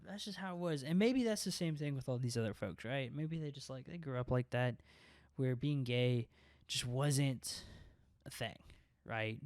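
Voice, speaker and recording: A man's voice: mid-range voice, no echo, studio quality. A young man co-hosting a podcast, talking in a casual, rambling way, swearing often and filling his speech with "like" and "right?". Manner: profane, rambling, filler-heavy with constant "like" and "right?". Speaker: podcast co-host.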